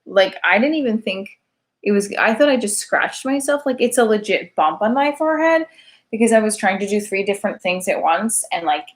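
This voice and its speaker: A woman in her thirties rambles through a comic monologue in a mid-pitched voice. She talks in a chatty, digressive way, stacks up fillers and lands sarcastic, self-mocking punchlines. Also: lively intonation, normal speed. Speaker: single mother comic.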